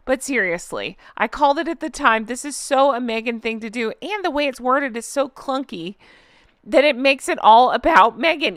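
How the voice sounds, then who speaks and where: Southern lady ranting on her commentary channel, kinda high, smooth voice, super dry sound, sarcastic and chatty. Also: fairly bright tone, no echo. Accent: Southern American. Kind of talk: casual commentary vlog.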